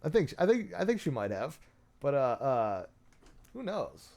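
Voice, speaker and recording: A man's voice: mid-range voice, very animated, a little slow, vocal fry, darkish tone. A man hosting, reading messages aloud with dry, sarcastic, mock-serious commentary. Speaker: host.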